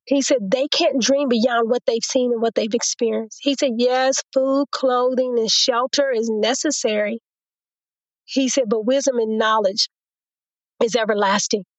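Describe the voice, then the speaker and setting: A woman's voice: a little high, measured pace, no room sound, highs cut off. A woman guest in an interview, telling a personal testimony and acting out what others said to her. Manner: storytelling, quotes others in a lively retelling.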